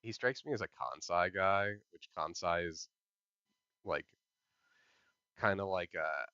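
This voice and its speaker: A man's voice: low voice, slow, bright, forceful tone, clear, resonant tone, dry recording, muffled recording. A man co-hosting a podcast, chatting casually and explaining at length with lots of filler words. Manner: loose and explanatory, many "like" fillers, laughs easily. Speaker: podcast co-host. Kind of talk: casual anime recap chat.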